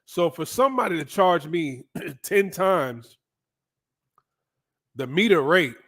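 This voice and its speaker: Man telling a casual travel story, lively and crude, slightly higher voice. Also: takes it slowly. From United States. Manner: animated, profane, frequent "right?" asides. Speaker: vlogger.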